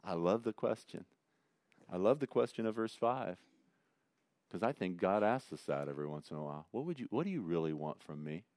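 A man preaching a sermon in a conversational way, swinging between loud emphasis and quiet asides. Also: low voice, animated, fairly quick, dry recording, clean studio sound. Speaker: pastor.

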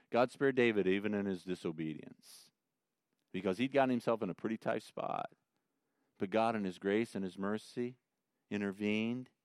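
A middle-aged male pastor preaching a sermon and reading scripture, swinging between hushed repetition and loud, emphatic points. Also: on the low side, smooth, dry recording, studio quality. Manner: repeats phrases for emphasis.

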